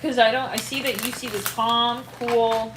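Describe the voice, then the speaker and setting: A woman giving a casual, excitable tarot reading to her viewers, rambling and trailing off and laughing often. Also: on the high side, moderate pace, echoey room, background noise. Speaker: tarot reader.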